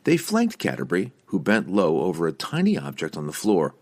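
A man reading a fantasy novel aloud as narrator in an expressive, varied delivery. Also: low voice, fairly quick. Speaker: audiobook narrator.

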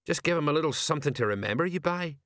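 A man's voice: on the high side, expressive, a bit bright, no echo, studio quality, pitched above the performer's own voice. A man doing a rambling, nervous old-soldier sergeant. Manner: rambling, folksy, drawn-out. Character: nervous rambling middle-aged male sergeant.

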